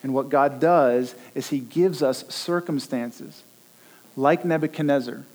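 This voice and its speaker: A middle-aged man preaching a sermon, telling stories with lively, animated delivery and acting out bits of dialogue. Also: mid-range voice. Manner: animated storytelling, acts out dialogue. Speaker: pastor.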